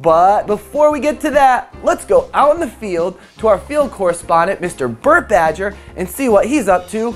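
Man, kids' show host, bubbly and goofy, pitch swooping up and down, outdoors, music underneath. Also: moderate pace. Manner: bubbly, goofy and animated, talks to viewers directly. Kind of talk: kids' educational show presenting. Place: outdoors in a windy field.

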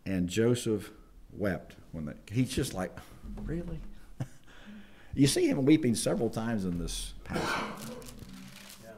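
Animated husky-voiced man preaching. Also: on the low side, a little slow, pauses often. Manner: animated, acts out quoted voices. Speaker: chapel speaker. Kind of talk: sermon. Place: college chapel.

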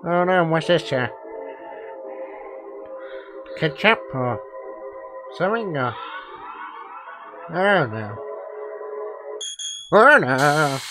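A man's voice: a little high, big pitch swings, extremely slow, pauses often, full character voice. A man doing a jittery cartoon dad gamer. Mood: nervous. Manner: hesitant, many uhs, yelps in panic. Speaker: gameplay commentator. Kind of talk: Let's Play commentary in an impression voice. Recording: music playing behind.

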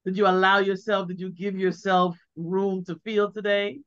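A middle-aged woman, a guest on an interview, giving heartfelt advice in an animated way and acting out the questions she suggests. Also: mid-range voice, normal speed. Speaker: interview guest, grieving mother. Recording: dull lo-fi sound.

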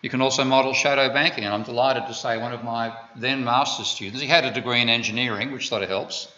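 A man's voice: mid-range voice, fairly even intonation, quick pace, bright, forceful tone. An Australian man giving an economics lecture, digressive and full of wry asides. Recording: dull lo-fi lecture recording.

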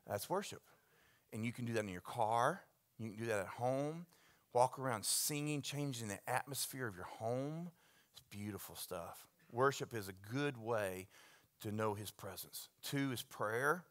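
A man preaching as a pastor, telling stories with big swings from hushed asides to loud bursts. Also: mid-range voice, animated, a little slow. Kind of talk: sermon. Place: church sanctuary.

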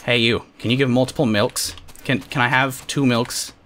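A man hosting a casual let's-play, talking excitably and jokingly, often yelping at what happens on screen. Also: mid-range voice, moderate pace. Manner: excitable, yelps and shouts at the game, jokey. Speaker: gamer host.

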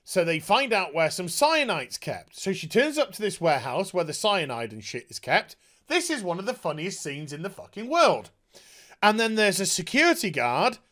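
A man's voice: high voice, sing-song, normal speed, pushed and bright. A man ranting in a video review, exasperated and sarcastic, swearing often. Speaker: TV show reviewer.

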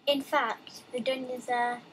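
A young woman with a high voice chats through a let's play, reading game dialogue aloud and breaking off into excited asides. She talks casually and a bit rambling. A faint hum of ambience sits behind her. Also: unhurried, rough recording.

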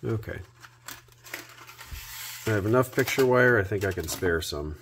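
A man with a low voice and an unhurried delivery talks his way through a repair at his workbench. He narrates each step out loud, dropping dry jokes to himself as he goes. There's a faint hiss of noise behind him. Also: lively intonation. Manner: self-talk with dry jokes. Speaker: host.

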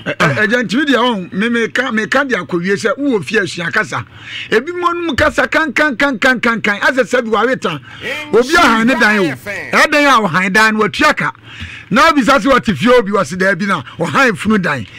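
A Ghanaian man co-hosting a live radio talk show, speaking in an animated way and repeating phrases for emphasis. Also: high voice, fairly quick. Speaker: radio co-host. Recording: dry radio studio.

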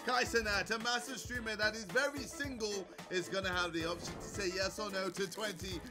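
A man presenting a dating show in an energetic, scripted intro from a played clip. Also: sits high, brisk. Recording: played clip with loud music behind.

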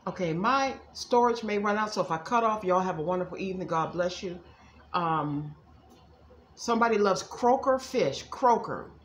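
A woman's voice: medium pitch, expressive, normal speed, echoey room, slight background noise. A woman giving casual psychic readings to viewers, chatty and folksy, calling them y'all. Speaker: psychic reader.

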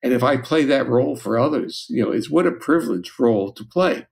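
A man speaking as a guest scientist, earnest and measured in reflective interview talk. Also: mid-range voice, expressive, gravelly.

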